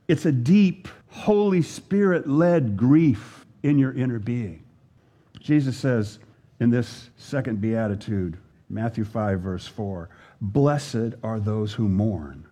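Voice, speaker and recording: A man preaching a sermon as a pastor, earnest and unhurried, leaning hard on scripture readings and pausing for effect. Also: mid-range voice, dark tone. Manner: earnest, slow preaching with dramatic pauses and emphatic scripture readings.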